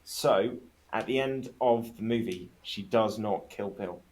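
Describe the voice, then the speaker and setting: A man's voice: on the low side, a little slow, darkish tone. A man guest on a casual podcast chat, telling stories with enthusiasm and swearing freely.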